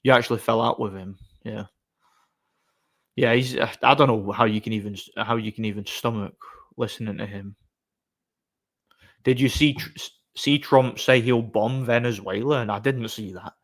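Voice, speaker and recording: A man's voice: mid-range voice, moderate pace. Sarcastic man chatting on stream. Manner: sarcastic, rambling, frequent fillers and restarts. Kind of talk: casual live-stream chat reading comments.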